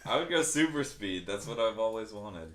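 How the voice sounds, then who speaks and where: A man co-hosting a casual podcast who talks very fast and steers the conversation between topics. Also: fairly low pitch, lively intonation, fairly bright tone. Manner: talks very fast, by his own account. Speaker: podcast co-host. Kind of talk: casual chat.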